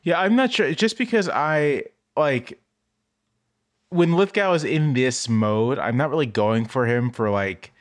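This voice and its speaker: A man's voice: medium pitch, lively intonation, measured pace, no echo. A man appearing as a guest on a film podcast, talking casually and enthusiastically, with lots of fillers.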